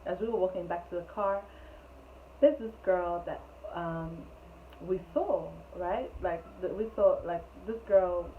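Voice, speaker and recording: A woman telling a storytime vlog in an animated, rambling way, full of "like", on a tinny, phone-like recording. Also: fairly low pitch, a little slow. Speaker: vlogger. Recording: tinny phone-like sound, faint hiss.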